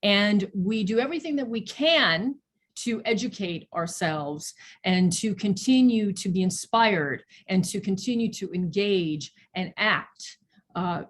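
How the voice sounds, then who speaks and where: A woman's voice: medium pitch, expressive, a little slow, a little hiss or hum. A woman pastor speaking at an online church service over a video call, encouraging and repeating her phrases.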